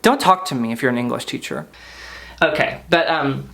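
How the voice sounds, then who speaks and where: A man's voice: mid-range voice, animated, normal speed, creaky, a bit bright. A young man delivering a comedic monologue to camera in a sarcastic, mock-indignant way.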